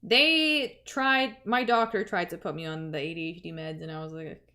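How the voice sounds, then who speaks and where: A woman's voice: lowish voice, moderate pace, bright, forceful tone. A young woman from Canada chats loosely with her livestream viewers. She rambles, trails off mid-thought and starts her sentences over. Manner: chatty, trailing off and restarting. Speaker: livestream host. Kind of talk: casual livestream chat.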